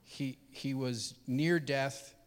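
A male pastor telling a story from the pulpit, earnest and heartfelt. His voice sits at an ordinary middle pitch, but it drops to a hush and then climbs loud and high at the emotional peaks. A long hall reverb trails every phrase. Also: fairly even intonation, very slow. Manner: earnest, swings from hushed to loud and high when moved. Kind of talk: sermon storytelling.

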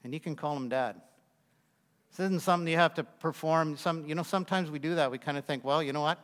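Speaking fairly quickly in a slightly high, fairly bright voice, a man in his sixties delivers a conversational sermon with folksy stories and asides to the congregation. The recording carries a large hall's long reverb.

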